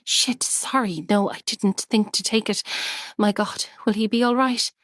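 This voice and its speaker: A woman's voice: mid-range voice, fairly even intonation, a little slow, no room sound, studio quality, close to an everyday voice. A woman doing a frantic, pleading wife. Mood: shaken. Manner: panicked, pleading, shouting. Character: frantic woman finding her hurt husband.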